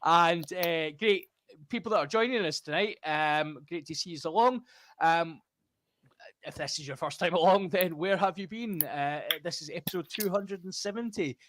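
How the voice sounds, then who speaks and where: A man's voice: on the high side, normal speed, fairly bright tone. A middle-aged Scottish man hosting a rugby podcast over a video call, chatty and joking with frequent laughs and fillers. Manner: jokey, laughs often, many fillers. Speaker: podcast host. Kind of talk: casual chat.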